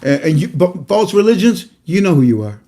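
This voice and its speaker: A man's voice: sits high, very animated, fairly quick, dark tone. A man hosting an online talk, speaking casually and preachily about faith, rambling with many fillers and restarts. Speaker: host. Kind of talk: casual religious talk to viewers.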